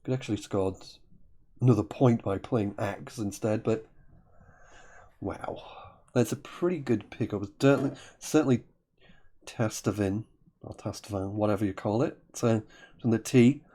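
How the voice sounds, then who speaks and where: A man's voice: medium pitch, normal speed, pauses often, warm tone. A man commentating live on a word game, thinking aloud and often correcting himself. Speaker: Scrabble commentator.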